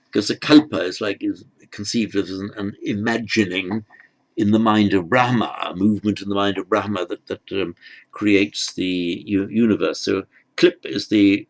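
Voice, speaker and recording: A man teaching script letters, talking haltingly as he writes and repeating words as he goes. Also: on the low side, creaky. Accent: British. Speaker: language teacher. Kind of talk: handwriting lesson.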